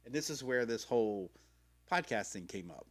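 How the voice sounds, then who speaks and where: The middle-aged podcast host's medium-pitched voice is expressive with a breathy edge, moving at normal speed through a podcast mic. He rambles through his own story in slangy, profane fashion, voicing the people he quotes.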